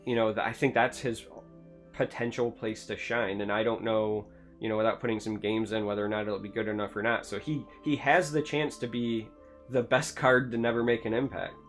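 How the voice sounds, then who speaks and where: A man's voice: on the low side, little pitch movement, fairly quick, soft background music. A man hosting a casual gaming podcast, enthusiastic and rambling, with lots of "like" and "um". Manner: enthusiastic, rambling, many fillers like "like" and "um". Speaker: podcast host.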